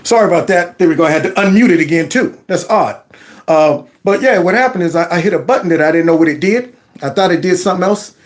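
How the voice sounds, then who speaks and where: A man hosting a political commentary livestream, sarcastic and mocking as he talks back to clips he plays. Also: a little high. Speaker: host of a political commentary channel.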